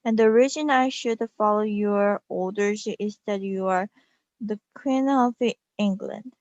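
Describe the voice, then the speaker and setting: A woman's voice: medium pitch, a little slow, darkish tone, no echo, lo-fi sound, close to an everyday voice. A woman reading a storybook aloud, voicing a sarcastic male policeman who talks with mock politeness.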